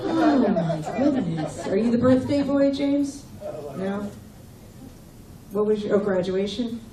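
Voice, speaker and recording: A middle-aged comedian works the crowd during her stand-up set, needling the audience with brash banter. She speaks slowly in a medium pitch with lively intonation, recorded from afar in an echoey club over a loud, laughing audience.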